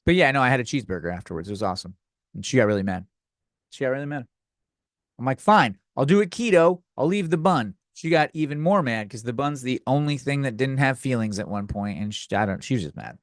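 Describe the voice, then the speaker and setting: A man's voice: medium pitch, fast, no echo, clean studio sound. A man hosting a comedy podcast, ranting in a crude, sarcastic, rambling way with lots of restarts. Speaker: podcast host.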